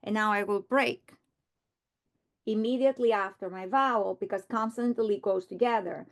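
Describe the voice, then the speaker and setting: A woman teaching a reading lesson, modeling words slowly and deliberately. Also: mid-range voice. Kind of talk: instructional lesson.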